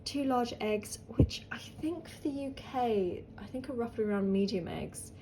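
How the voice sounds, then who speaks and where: A British woman, hoarse from hay fever, chatting casually and rambling a little as she bakes cookies for a vlog. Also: a little high, expressive, normal speed, noisy background. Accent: British English. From England. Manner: chatty and rambling, lots of ums. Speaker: home baker vlogger. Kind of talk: casual baking vlog chat.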